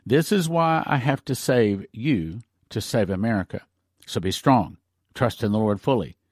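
A man reading aloud the part of a male angel who delivers a grave prophetic warning in measured pronouncements. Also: mid-range voice, lively intonation, a little mellow, slightly rough, no room sound, studio quality. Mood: solemn. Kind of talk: read-aloud story.

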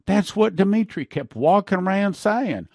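A man preaching with fervent emphasis, his pitch leaping and dropping as he drives each point home. He repeats key words for force, and the sound is close and dry with no room around him. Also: animated, normal speed, darkish tone, no room sound. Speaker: host of a prophecy broadcast. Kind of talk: preaching talk with ad reads.

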